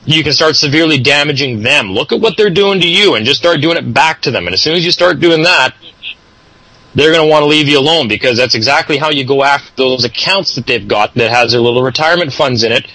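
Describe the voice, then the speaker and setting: A man's voice: on the high side, quick pace, bright, forceful tone, dry recording, low-quality recording. A man hosting a casual talk show, lecturing and advising at length. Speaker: show host.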